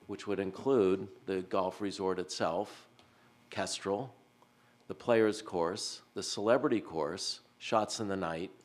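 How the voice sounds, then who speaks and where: Man, council member, very low voice, tentative, lots of fillers. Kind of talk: public meeting discussion.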